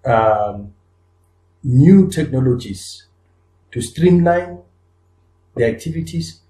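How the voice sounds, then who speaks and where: A man's voice: medium pitch, animated, takes it slowly, warm tone. A man co-hosting a podcast, talking earnestly and building up points with repeated restarts and emphatic rises. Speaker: podcast co-host. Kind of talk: conversational discussion. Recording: echoey room.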